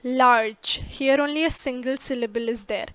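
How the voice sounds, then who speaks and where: Woman teacher explaining grammar, kinda high voice, slow, leans on example words, dry close sound. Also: fairly bright tone, no room sound. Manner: slow, careful, with clearly stressed example words. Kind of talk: scripted lesson narration.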